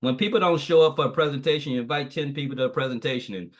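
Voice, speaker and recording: A guest trainer gives a motivational training talk over a video call, speaking rapid-fire in a mid-range voice. He is preachy, repeats phrases, and tells a parable.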